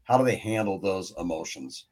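A man's voice: low-pitched, lively intonation, moderate pace, a little mellow, husky. A man hosting a casual podcast interview, asking earnest questions and thinking aloud with fillers. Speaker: podcast host.

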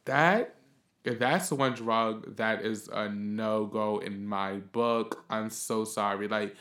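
A man's voice: lowish voice, takes it slowly. Man, podcast host, casual monologue, blunt, profane, heated rant, roomy echo. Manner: blunt, profane, heated ranting that flares up loud.

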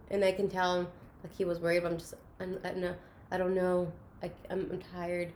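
A woman's voice: lowish voice, flat delivery, quick pace, slight background noise. Earnest woman speaking openly. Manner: earnest, open, soft-spoken at times. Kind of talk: candid personal chat.

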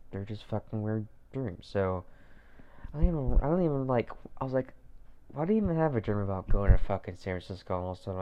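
A man's voice: on the low side, mellow. A young man hosting a solo podcast, rambling loosely with lots of swearing, fillers and repeats. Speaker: podcast host. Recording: dull lo-fi home recording.

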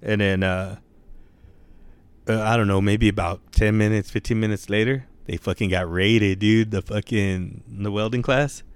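Young dude telling stories, lots of swearing and bro, dude, smooth lowish voice, dry close mic. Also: male voice, fairly even intonation, normal speed, no echo. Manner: laid-back slang, heavy swearing, lots of "bro" and "dude". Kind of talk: casual storytelling chat.

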